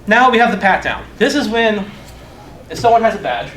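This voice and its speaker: A man's voice: sits high, expressive, fast, bright, forceful tone, a little hiss or hum. Profane, joking man in an echoey hall. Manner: loose, profane, joking, self-mocking. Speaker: conference speaker. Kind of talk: casual conference talk. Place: conference hall. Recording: echoey conference room.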